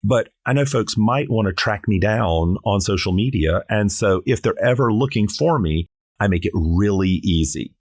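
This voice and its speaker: A man's voice: on the low side, animated, normal speed, no echo, studio quality. A middle-aged man from South Carolina, a drag performer chatting on a podcast in a playful, theatrical, jokey way. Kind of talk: casual podcast chat.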